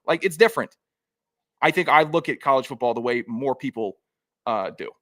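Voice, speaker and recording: A man's voice: mid-range voice, lively intonation, brisk, a bit bright. Rambling man co-hosting a sports podcast. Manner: rambling, joking, self-correcting. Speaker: podcast co-host. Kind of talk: casual chat.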